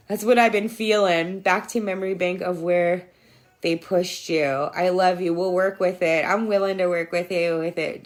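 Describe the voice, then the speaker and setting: A woman's voice: medium pitch, fairly bright tone. A woman hosting a casual spiritual livestream, talking candidly with plenty of swearing, laughing often and answering viewers' comments. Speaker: livestream host.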